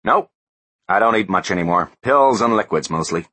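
A man voicing a cocky, brash middle-aged American businessman in a storybook reading, with an American accent and a loud, pushy manner. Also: deep voice, animated, moderate pace, voice pushed up, exaggerated voice.

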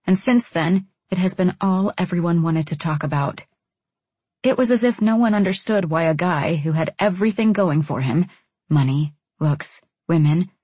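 A woman's voice: fairly low pitch, a little mellow, slightly rough, no room sound. A woman narrating a first-person novel in a wry, introspective manner. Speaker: audiobook narrator.

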